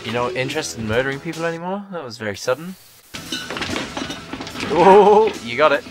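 Gaming host, jokey and excitable, very lively pitch, game music behind. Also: male voice, fairly quick, low-quality recording. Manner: jokey, excitable, sing-song exclamations. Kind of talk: let's-play commentary.

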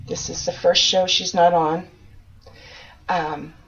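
A woman's voice: lowish voice, little pitch movement, takes it slowly, a bit bright. A woman podcast host with a New Hampshire accent, chatting casually and joking at her own expense. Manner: joking, self-mocking, casually swears. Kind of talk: casual chat. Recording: dull lo-fi audio.

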